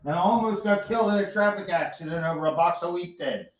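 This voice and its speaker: A man's voice: high-pitched, fast, slight background noise. A man, the host's husband, joking around with playful mock-grumbling complaints. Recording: roomy, lo-fi, a bit off-mic.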